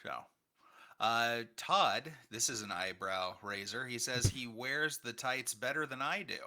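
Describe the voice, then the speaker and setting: A man co-hosting a comedic podcast, playful and quick to laugh as he banters. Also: medium pitch, sharp tone. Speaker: podcast co-host.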